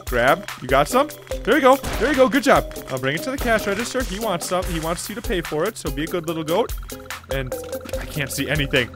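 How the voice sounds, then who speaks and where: A man doing comedic gameplay commentary as a gaming YouTuber, giggling and swinging from high shrieks to low mutters. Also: sing-song, brisk, music in the background.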